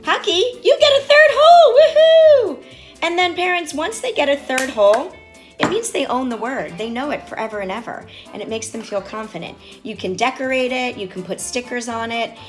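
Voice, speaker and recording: A woman's voice: on the high side, expressive, fairly quick, soft background music. A woman in her forties teaching her young son sight words at home, explaining each step to parents in an encouraging, instructive manner. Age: 40s. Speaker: reading tutor and mother. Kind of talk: home reading lesson with parent tips.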